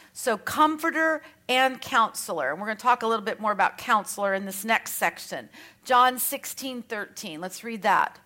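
A woman's voice: a little high, fairly bright tone. A woman with an Australian accent teaching on scripture in a chatty, conversational way, with light self-mocking asides. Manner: reads scripture aloud between remarks. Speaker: Bible teacher.

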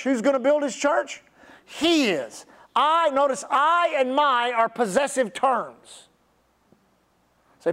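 With an extremely high, fairly bright voice and lively intonation, a middle-aged man preaches as pastor. He elongates key words and leads the congregation in call-and-response.

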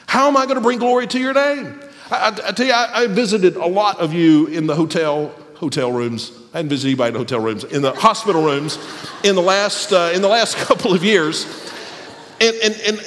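A man preaching in a church, his voice pitched high and swinging widely as he makes his points. He alternates animated emphasis with soft, quiet asides. A long reverb from the sanctuary trails behind each phrase. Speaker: pastor. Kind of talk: sermon.

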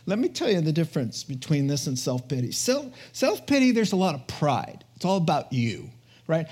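A man's voice: a little high, big pitch swings, moderate pace, a little mellow, slightly rough. A man preaching a conversational sermon in an earnest, chatty way, often checking in with his listeners. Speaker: pastor.

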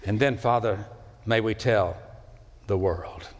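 A pastor preaching to his congregation, his voice rising into loud high calls and then sinking low and quiet. He draws out key words slowly, and his voice rings out through the long reverb of a large church sanctuary. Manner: preaching with sweeping swings in pitch and loudness, slowing for emphasis. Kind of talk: sermon.

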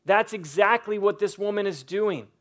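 A man preaching a sermon, earnest and emphatic, repeating phrases for weight and reading scripture slowly and dramatically. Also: high-pitched. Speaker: pastor.

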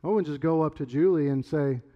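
A man's voice: on the high side, fairly quick, dull audio. Rambling, conversational man preaching a sermon. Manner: conversational, rambling storyteller with sudden loud outbursts. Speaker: pastor.

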